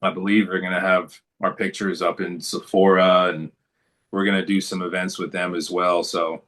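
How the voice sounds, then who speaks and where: A man's voice: deep voice, level tone, moderate pace, fairly bright tone. A man talking as a guest in a casual interview, telling stories in a laid-back, good-humored way.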